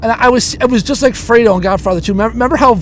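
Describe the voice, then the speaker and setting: A man's voice: very high voice, rapid-fire, fairly bright tone. A man ranting and telling a long story in a parked-in-traffic car, swearing constantly and restarting his sentences as he talks into a handheld recorder. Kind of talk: rambling profane storytelling. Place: inside a car stuck in traffic.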